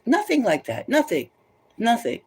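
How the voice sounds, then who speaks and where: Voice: mid-range voice, huge pitch swings, normal speed, a little mellow, slight background noise. A tarot reader giving rambling spoken commentary, emphatic and loose, often repeating phrases for stress. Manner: loose and conversational, many restarts.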